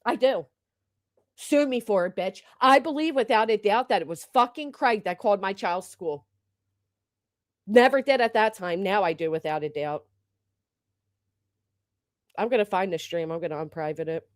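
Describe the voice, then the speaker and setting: A woman's voice: medium pitch, normal speed, pauses often, no echo, clean studio sound. A woman hosting a livestream, delivering an upset and indignant rant full of profanity. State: upset and agitated. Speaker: livestream host.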